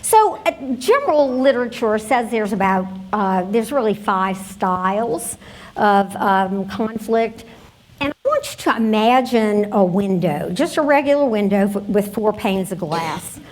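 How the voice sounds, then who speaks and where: A woman giving a conference workshop talk, conversational and telling stories straight to the audience. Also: fairly high pitch. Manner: storytelling, conversational, addresses audience directly. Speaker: conference presenter.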